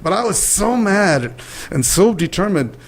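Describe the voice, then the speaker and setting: An older man, a guest actor, telling lively anecdotes in an interview and acting out the people in them. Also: high-pitched, measured pace. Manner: animated storyteller acting out quoted voices. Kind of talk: interview storytelling.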